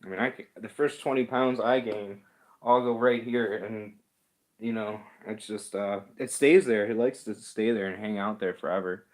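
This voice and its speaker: Reading comments as they come in, this livestream host talks in a loose, meandering way, laughing softly and poking fun at himself. He speaks at a moderate pace in a fairly low pitch.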